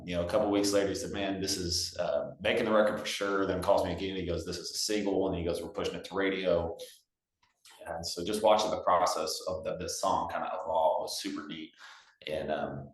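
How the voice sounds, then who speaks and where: Deep-voiced young man in a roomy room. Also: brisk. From Texas. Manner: relaxed, chatty, with many fillers and restarts. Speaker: guest singer-songwriter. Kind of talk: casual storytelling. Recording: roomy echo.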